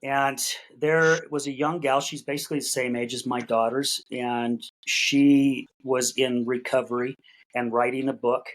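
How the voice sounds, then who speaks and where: His medium-pitched voice is measured and fairly even in intonation, captured in a rough recording. As a middle-aged podcast guest, he recounts his story folksily and casually, repeating words as he collects his thoughts and performing bits of quoted dialogue.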